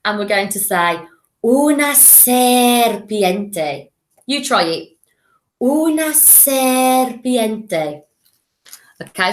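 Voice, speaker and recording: Woman, primary teacher, encouraging, playful, bright tone, roomy echo. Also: medium pitch. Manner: encouraging, with playful animal voices. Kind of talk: recorded classroom lesson.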